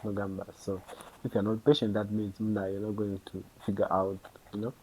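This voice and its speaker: Here the young podcast host, who has a Ugandan English accent, delivers a casual monologue to camera, acting out mini conversations and leaning heavily on "you know." His mellow, fairly low voice stays level and runs a little fast. The recording is rough, with slight background noise.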